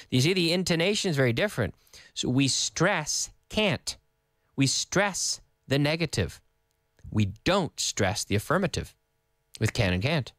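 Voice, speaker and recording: A middle-aged male English teacher with a lively, sing-song delivery that rises and falls a lot. He tells anecdotes and acts out short exchanges to show pronunciation. His voice sounds dry and close, with no room behind it. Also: on the high side, a little slow, dry recording. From English-speaking country, living in Spain. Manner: lively storytelling, acts out dialogue, hums intonation patterns.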